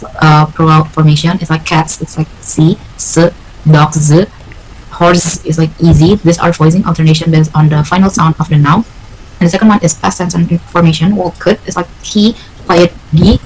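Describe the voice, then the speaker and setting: Low, flat-voiced young woman presenting. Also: slight background noise, low-quality recording. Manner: hesitant, with cut-off words and restarts. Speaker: student presenter. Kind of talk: class presentation.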